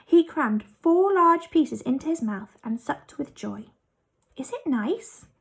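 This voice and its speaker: Woman storyteller, expressive children's book reading, raised pitch, gravelly edge. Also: measured pace. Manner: lively, expressive.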